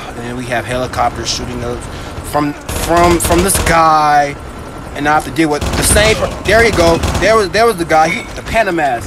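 A man casually commentating his own game, excitable and trash-talking, jumping from high yelps to muttered grumbles. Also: a little slow, noisy background. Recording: game gunfire and sounds behind voice.

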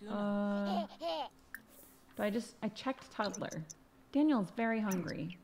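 A woman's voice: medium pitch, takes it slowly. A woman hosting a casual gaming video, talking to herself as she plays, often exclaiming and laughing. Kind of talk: casual let's-play commentary. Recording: background noise.

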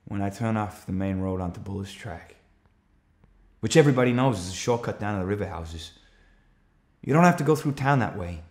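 A man's voice: fairly low pitch, lively intonation, fairly quick, close to an everyday voice. A man playing an anxious, defensive countryman. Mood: uneasy. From Australia. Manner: earnest, rising to urgent shouts when retelling the chase. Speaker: actor performing a stage monologue. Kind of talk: theatrical monologue.

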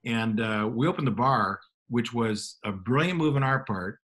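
A middle-aged man, a motivational speaker, telling relaxed self-deprecating anecdotes in conversation. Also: mid-range voice, normal speed. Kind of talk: storytelling in a radio conversation.

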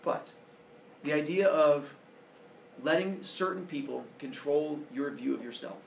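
A man's voice: a little high, normal speed, vocal fry, echoey room, slight background noise. A man in his forties giving an earnest, personal motivational talk to students, heard from a distance in a large room. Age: 40s. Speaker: school speaker.

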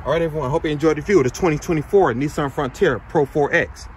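A man's voice: on the high side, fast talker, a little hiss or hum. A man reviewing a pickup truck at a dealership, calling out its features in short, casual phrases. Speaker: car reviewer. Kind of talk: casual car walkaround commentary. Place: car dealership lot and inside a truck.

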